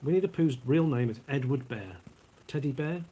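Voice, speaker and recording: A man reads trivia aloud in a relaxed, rambling vlog chat. His voice is husky, and he keeps drifting into asides while snacking and sipping a drink. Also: mid-range voice, normal speed, poor audio. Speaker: vlogger. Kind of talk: casual vlog reading trivia.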